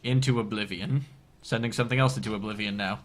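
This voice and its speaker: A man's voice: lowish voice, steady tone, fast talker. A man co-casting a card game match in an easygoing, joking way. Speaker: co-commentator. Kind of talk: casual game commentary.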